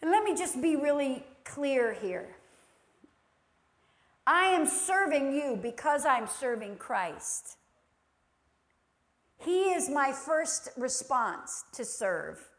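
A woman's voice: high voice, very animated, takes it slowly, long pauses. A woman preaching a sermon who acts out little quoted voices and laughs easily.

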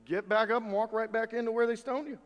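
High-voiced preacher in a reverberant hall. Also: male voice, steady tone, fast talker. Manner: earnest, wry humor, swings between loud emphasis and soft asides. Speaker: pastor. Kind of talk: sermon.

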